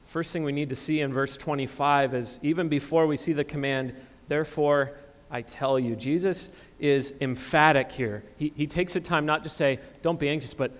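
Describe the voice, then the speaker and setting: A man's voice: medium pitch, fairly even intonation, normal speed. Earnest man preaching in a reverberant hall. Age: 30s. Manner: earnest, emphatic preaching with frequent restarts. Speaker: pastor. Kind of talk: sermon. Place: church sanctuary.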